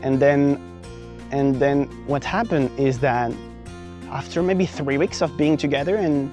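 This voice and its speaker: Young adult man, vlogger, casual story, medium pitch, faint music bed. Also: a little slow, highs cut off. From France. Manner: animated, many fillers and restarts, acts out his own past lines.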